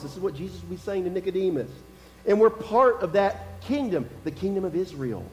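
A man's voice: high voice, lively intonation, a little fast, darkish tone, long reverb tail, poor audio. A male pastor preaching a sermon in a conversational, emphatic way, repeating his key phrases. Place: church sanctuary.

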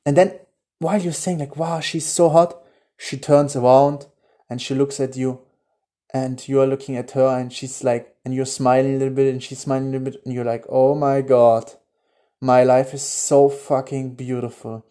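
A man with a German accent hosting a motivational podcast, enthusiastic and casual with his swearing, often dropping to a hushed voice as he walks through a guided visualization. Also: medium pitch, flat delivery, brisk. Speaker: podcast host.

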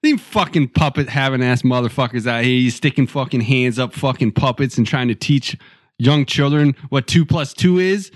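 A man's voice: mid-range voice, normal speed, dry recording, clean studio sound. A young man co-hosting a podcast, riffing in profane bursts and laughing often. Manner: profane, laughing, animated riffs. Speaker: podcast co-host. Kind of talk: crude comedic rant.

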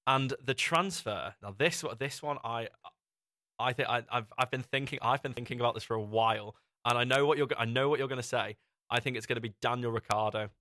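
A man's voice: mid-range voice, a little fast, bright, forceful tone, no echo, clean studio sound. A young man hosting a podcast, chatting casually and often restarting his sentences. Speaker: podcast host. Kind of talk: casual chat.

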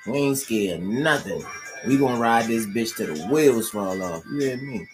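A woman's voice: extremely low pitch, lively intonation, normal speed. A woman hosting a podcast, talking in a loose, profane, streetwise ramble during a casual livestream. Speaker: podcast host. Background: music playing.

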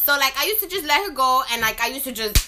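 A young woman telling a story in casual chat, loud, expressive and full of slang. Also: high-pitched, fast, music in the background.

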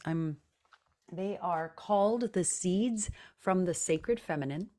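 A woman's voice: lowish voice, slow, mellow. A middle-aged woman, a singer and podcast guest, talking earnestly and reflectively, often laughing. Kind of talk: casual interview talk.

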